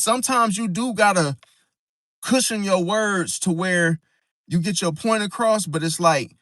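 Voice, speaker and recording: A man's voice: high-pitched, unhurried, fairly bright tone, no echo, studio quality. A man in a casual monologue on astrology who talks in slang, rambles, and acts out quoted friends. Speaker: zodiac vlogger.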